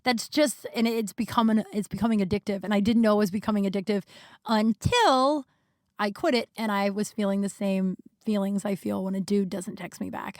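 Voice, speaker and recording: A young woman hosts a podcast and rambles through funny personal stories, full of fillers and swearing. Her voice sits fairly high. The recording is close and dry, with no room sound. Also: a bit bright, no room sound. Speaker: podcast host. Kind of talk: casual storytelling monologue.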